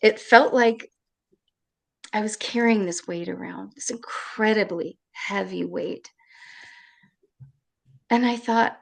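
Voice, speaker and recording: A woman with a very gravelly, fry-heavy voice speaks at a middle pitch. She is a guest on an interview show, recounting a personal loss. She talks with emotion and halts often, repeating her words as she goes. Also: slow, long pauses.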